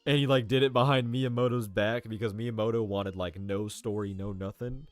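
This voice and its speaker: A man's voice: fairly low pitch, steady tone, normal speed. A young man live-streaming a video game, chatting casually and profanely and calling everyone "bro.". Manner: chatty and profane, says "bro" constantly, often laughs. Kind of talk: casual gaming commentary. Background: faint game music.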